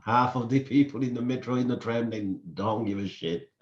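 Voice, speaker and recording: A man hosting a casual podcast chat, talking haltingly and often repeating words. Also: medium pitch, fairly even intonation, a little hiss or hum. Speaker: podcast host. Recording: echoey room, dull lo-fi sound.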